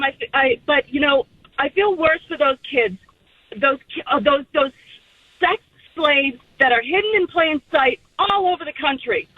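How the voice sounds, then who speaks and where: A woman's voice: high-pitched, no echo. A woman from Massachusetts calling into a radio show, talking in an upset, urgent and emotional way. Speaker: caller. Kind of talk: call-in radio conversation. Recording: tinny phone line.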